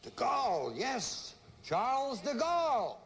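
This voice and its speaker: A man's voice: extremely high pitch, big pitch swings, slow. A man hosting a television game show, teasing and joking with the contestants. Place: TV studio. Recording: noisy 1970s television broadcast recording.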